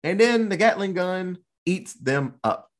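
A man hosting a casual podcast and recapping a movie in an animated, swearing, laughing storytelling style. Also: sits high, a little slow. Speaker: podcast host.

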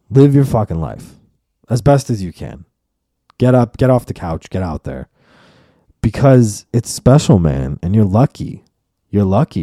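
A man's voice: lowish voice, mellow, no echo, studio quality. A man hosting his own podcast in a casual, profane, rambling solo monologue that turns mock-preachy. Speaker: podcast host and comedian.

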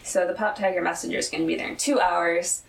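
A woman's voice: fairly low pitch, fast talker, vocal fry, distant mic, rough recording. Laughing woman recapping a show. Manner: animated, laughing, swears casually. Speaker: podcast co-host. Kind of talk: casual recap chat.

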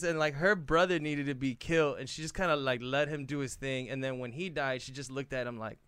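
Bright, clear-voiced man chatting. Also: medium pitch, a little fast, hardly any pauses, dry recording. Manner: laid-back, profane, laughs often. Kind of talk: casual chat.

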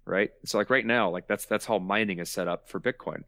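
A man's voice: fairly low pitch, fairly quick, vocal fry, fairly bright tone, no room sound, clean studio sound. A man hosting a podcast in casual chat, explaining his point and repeating words for emphasis. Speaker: podcast host.

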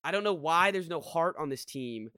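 A man's voice: on the high side, lively intonation, moderate pace, pushed and bright, dry recording, clean studio sound. A man co-hosting a casual sports podcast, rambling and venting his frustration with lots of restarts and sighs. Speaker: podcast co-host.

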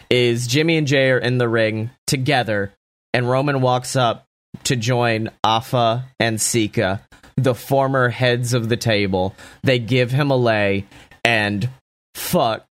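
A young man casually recapping a wrestling show, talking excitedly and swearing a lot. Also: measured pace, no echo. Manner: excited, profane, acts out quotes in raised pitch.

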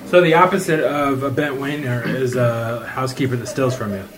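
A man's voice: medium pitch, steady tone, moderate pace, crowd noise, rough recording. A man co-hosting a podcast in casual chat, rambling and playful, full of self-mocking jokes. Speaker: podcast co-host.

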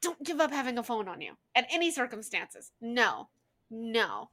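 A woman giving casual, sarcastic running commentary on a film she is watching with a friend. She swears freely and talks in an animated way. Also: a little high, normal speed. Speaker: co-host reacting to a film.

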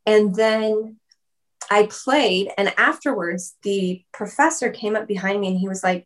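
A woman's voice: medium pitch, measured pace. Woman guest, chatty and giggly, loose casual talk. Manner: chatty, lots of "like" and "um", laughs often. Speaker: musician guest. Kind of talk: casual interview chat. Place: video call.

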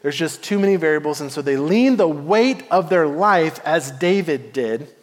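Male pastor, storytelling sermon, hushed-to-emphatic swings, slightly high voice, big reverberant hall. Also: expressive, normal speed.

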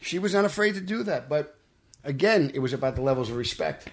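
A middle-aged man from Brooklyn with a Brooklyn accent, telling animated stories as a guest in a studio interview. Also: fairly high pitch, fast talker. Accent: Brooklyn New York. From Brooklyn, New York. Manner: animated storytelling, tough-talking. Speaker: actor guest. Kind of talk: casual interview. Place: podcast studio.

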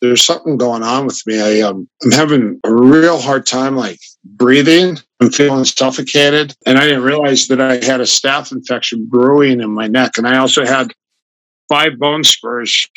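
An older man talks with a gravelly, forceful voice, spinning long, animated stories about his fighting past. His tone is bright and pushed, and the recording sounds dry and close with little room. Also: mid-range voice, moderate pace, no echo, poor audio. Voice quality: gravelly voice from a flattened throat. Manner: rambling, animated anecdotes with restarts. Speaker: guest, grappling fighter and coach. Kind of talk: casual storytelling in an interview.

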